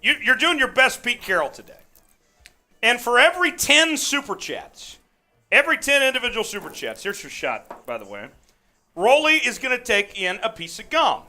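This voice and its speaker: A man's voice: very high-pitched, very animated, moderate pace, bright, forceful tone. Amped-up man hosting a live game stream. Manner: amped, hyped, calls plays and reads chat. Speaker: host. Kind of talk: live sports watch-along stream.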